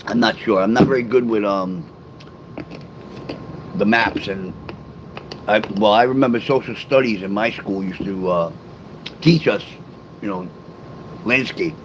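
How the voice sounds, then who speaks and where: Middle-aged man, livestream host, loose rambling delivery, answers his chat out loud, faint hum underneath. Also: fairly low pitch, measured pace, long pauses. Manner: rambling, talks straight to chat viewers; reads and answers live comments aloud.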